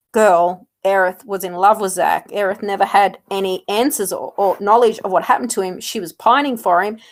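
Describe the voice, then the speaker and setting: A woman arguing her side in a casual fan debate, firm and emphatic. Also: a little high.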